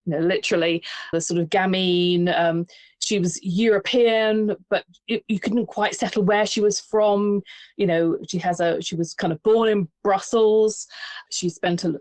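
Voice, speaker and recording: A woman with a fairly low voice, talking as a podcast guest who lectures on film. She is measured and conversational and leans on "sort of" again and again. Her voice sounds dry and close, with little room sound. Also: a little mellow, dry recording. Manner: measured, peppers speech with "sort of".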